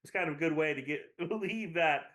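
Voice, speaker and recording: A middle-aged man co-hosting a casual music podcast, talking in an animated, jumpy way and often correcting himself. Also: fairly high pitch, a little fast. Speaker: podcast co-host. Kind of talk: casual chat.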